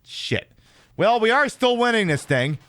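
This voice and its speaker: Profane, excitable man trash-talking a game. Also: high-pitched, unhurried. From United States. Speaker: streamer. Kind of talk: live gameplay commentary.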